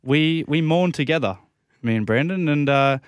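A man co-hosting sports radio, deadpan and mock-serious. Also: a little high, normal speed, clear, resonant tone, dry recording, studio quality. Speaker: radio co-host. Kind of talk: deadpan banter.

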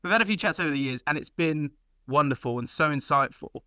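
A man's voice: a little high, animated, quick pace, bright, forceful tone, clean tone, no room sound, clean studio sound. Breathless upbeat male podcast host. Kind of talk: casual chat.

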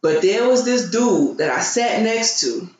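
A woman's voice: mid-range voice, a little slow. A woman telling a story on a podcast in casual, profane chat, often acting out what people said. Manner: profane, animated, acts out quoted dialogue. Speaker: podcast co-host. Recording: roomy, slightly dull sound.

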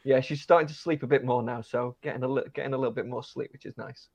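A man's voice: mid-range voice, fairly even intonation, quick pace, gravelly, darkish tone. A man chatting casually as a guest coach on a podcast, laughing often. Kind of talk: casual chat.

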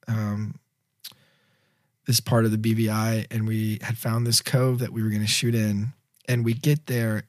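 A man's voice: medium pitch, no room sound. A man, a film director, casually telling a long anecdote in an interview, rambling with lots of fillers. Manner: rambling, filler-heavy, animated storyteller.

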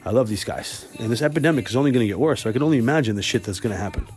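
Swearing, animated man telling stories. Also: medium pitch, racing, faint music behind. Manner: animated storytelling with lots of swearing; calmer and quieter when giving cooking tips. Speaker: podcast host. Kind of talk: casual monologue.

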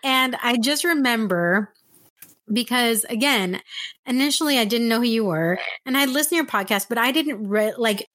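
A woman podcast host from San Diego, telling stories in casual chat and acting out quotes in excited voices. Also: moderate pace, no echo, clean studio sound. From San Diego, USA. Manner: animated storyteller, acts out quotes with high excited voices.

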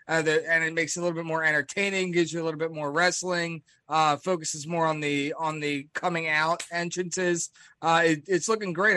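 A man with a fairly high, bright, tense voice speaks hesitantly, leaning on fillers and restarts. The sound is dry and close, with no room echo. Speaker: panelist. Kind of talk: casual panel chat.

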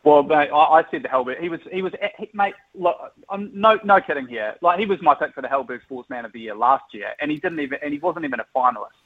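A man's voice: fairly high pitch, fast talker. A man, a sports journalist, talking emphatically in casual sports chat. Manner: emphatic, animated, says "mate" and "look". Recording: tinny phone line.

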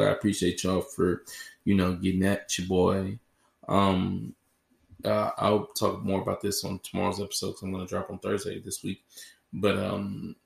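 Gravelly low-voiced man hosting a podcast. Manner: rambling, heavy on "like" fillers. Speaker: podcast host. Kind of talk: casual closing monologue. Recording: roomy echo.

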